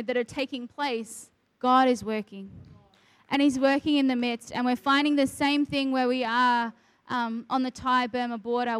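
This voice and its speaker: Here the ministry worker, a middle-aged woman, recounts her testimony with earnest conviction and quotes others directly. Her high-pitched voice carries no echo.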